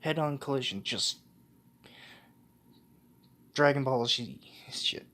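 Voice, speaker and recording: A man's voice: medium pitch, slow pace, sharp tone. A man casually retelling a fan-made story off the cuff, full of restarts and self-corrections. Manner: casual, slangy.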